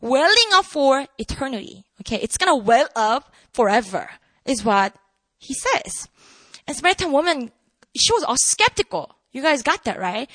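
A woman preaching a casual, conversational sermon, animated and full of asides to the congregation. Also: sits high, moderate pace, no room sound.

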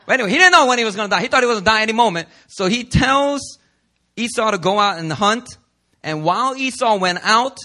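High, bright-voiced young male pastor. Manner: casual, joking storytelling. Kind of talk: sermon. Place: church.

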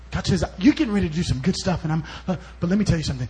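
A man preaching a sermon at a church service as a guest speaker, telling stories and swinging between loud bursts and soft asides. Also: sits high, lively intonation, very fast.

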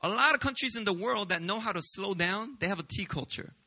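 A man in his thirties preaching a sermon as a pastor, telling lively, joking stories. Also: sits high, a little fast. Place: church service.

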